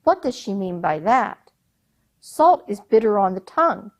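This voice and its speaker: A proud, touchy emir who questions and then orders people about, as a woman storyteller puts him on. His voice swings widely in pitch and his delivery is slow and deliberate. He sounds like a king in a told folk tale. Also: very animated. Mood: angry. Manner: demanding, then angry and commanding. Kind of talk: oral storytelling.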